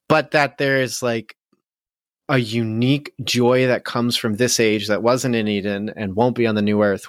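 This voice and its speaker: A man's voice: on the low side, no echo, clean studio sound. A man co-hosting a podcast, rambling casually with many fillers and frequent laughter. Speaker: podcast co-host.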